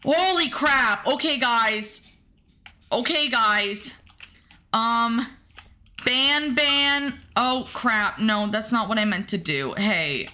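A woman's voice: on the high side, animated, drawn-out words, sharp tone. A woman streamer playing a horror game, chatting to her viewers and yelping when startled. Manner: jumpy, talks to the chat and the game, yelps when startled. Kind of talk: casual gameplay commentary to chat.

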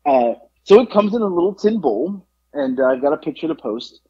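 A man co-hosting a podcast in casual chat, telling a story with lively acted-out quotes and free swearing. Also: a little high, a little fast, husky, highs cut off. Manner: animated storyteller, acts out quotes, swears freely. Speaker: podcast co-host.

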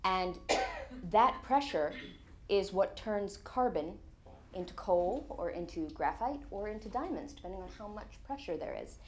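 A woman chats on stage as a guest author at a lecture event, telling anecdotes with a quick laugh never far away. Her voice sits at an ordinary middle pitch. She breaks hard science down into plain everyday comparisons. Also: slight background noise. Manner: lively anecdotal storyteller, laughs often.

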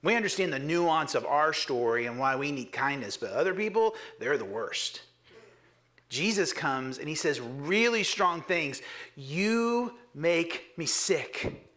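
Earnest man preaching, bright voice. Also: fairly high pitch, expressive, moderate pace. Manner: earnest, swings from hushed whispers to emphatic urging. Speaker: pastor. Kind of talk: sermon.

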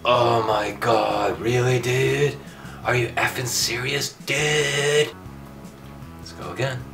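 A man commentating his own gameplay for a comic video, loud and excitable, ranting and yelling at the game, his voice going hoarse. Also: mid-range voice, takes it slowly, recorded from a distance, soft background music. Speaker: gaming video host.

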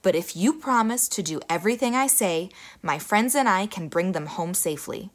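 A woman's voice: medium pitch, expressive, normal speed, lightly acted. A woman voicing a kindly female talking pig who speaks steadily and with confidence. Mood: reassuring.

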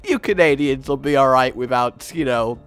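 A man's voice: medium pitch, moderate pace, a bit bright, clear, resonant tone, no echo, soft background music. A man hosting a comedic gameplay video, rambling and laughing at himself. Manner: giggly, rambling, self-mocking. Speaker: gaming video host.

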